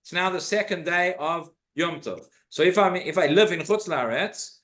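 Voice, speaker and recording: A rabbi giving an informal class in a synagogue, explaining texts and reading Hebrew quotations aloud. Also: male voice, fairly high pitch, normal speed, fairly bright tone. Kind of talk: informal Torah class lecture.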